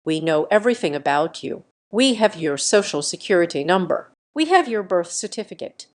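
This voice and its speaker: A woman voicing a frantic, threatening middle-aged mother who turns low and menacing. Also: very animated, moderate pace. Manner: breathless then low and menacing.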